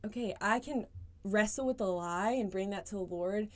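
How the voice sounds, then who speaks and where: Young woman guest, earnest, chatty faith talk, mid-pitched voice, says "like" a lot. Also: moderate pace. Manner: earnest, lots of "like" fillers. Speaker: podcast guest. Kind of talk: casual faith conversation.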